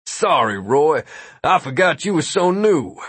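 A man's voice: a little high, big pitch swings, measured pace, fairly bright tone, breathy edge, dry recording, voice pushed up, full character voice. A man voicing a smug, mischievous male wizard who lectures and teases. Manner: lecturing, teasing.

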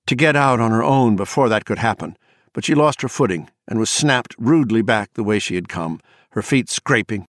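A man narrating an audiobook in a measured, dramatic storytelling manner. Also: on the low side, a bit bright, dry recording, clean studio sound. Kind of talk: scripted narration.

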